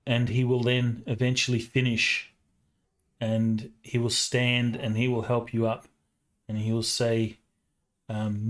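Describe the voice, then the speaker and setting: A man's voice: medium pitch, monotone. A man narrating a tabletop game as game master, hesitant and full of fillers. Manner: slow, hesitant, many fillers.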